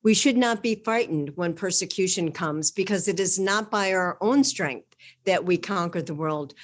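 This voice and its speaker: Woman reading a homily out loud, earnest and measured, lowish voice. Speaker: guest.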